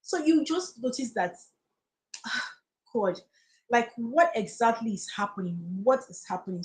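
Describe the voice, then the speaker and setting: Close to crying, a woman with a Nigerian accent preaches earnest encouragement on a live stream, repeating key phrases for emphasis. Her slightly high voice is expressive and moderately paced, captured in a rough recording.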